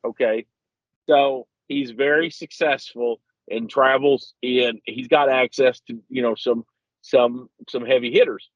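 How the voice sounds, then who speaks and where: A man's voice: mid-range voice, steady tone, a little slow, no echo. A man, telling a long rambling, self-deprecating story while calling in to a podcast. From Missouri, USA. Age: 50s. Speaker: regular podcast guest. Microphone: phone call. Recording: muffled lo-fi call-in audio.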